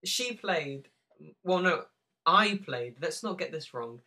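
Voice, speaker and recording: Giggly excitable man hosting. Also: a little high. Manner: excitable, giggly, quick asides. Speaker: podcast host. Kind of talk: casual chat. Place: home office upstairs. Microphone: laptop mic.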